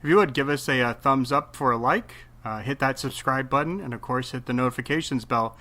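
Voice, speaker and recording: A man hosting and running a tabletop game as game master, narrating in a relaxed, chatty way. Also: medium pitch, a little fast. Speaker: game master and podcast host. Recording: noisy room recording.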